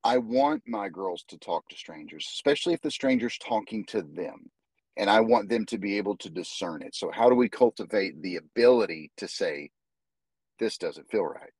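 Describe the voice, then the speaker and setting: A man, a jiu-jitsu instructor, talking as a guest in a casual podcast interview, animated and full of restarts. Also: lowish voice, moderate pace, husky, dry recording, rough recording. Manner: animated storyteller, many restarts.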